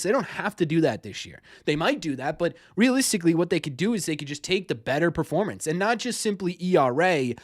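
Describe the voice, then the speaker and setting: A man's voice: on the high side, sing-song, brisk, hardly any pauses, no echo, studio quality. A young man hosting a casual sports live stream, talking through viewers' questions in a rambling way and often stumbling over and repeating his words. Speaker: sports podcast host.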